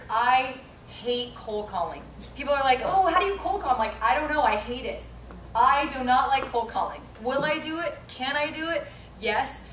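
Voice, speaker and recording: Chatty woman speaker in an echoey hall. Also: on the high side. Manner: chatty, animated storytelling with acted-out quotes. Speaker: network marketing speaker. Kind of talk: motivational talk to an audience. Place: event hall. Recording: echoey hall from far off, faint room noise.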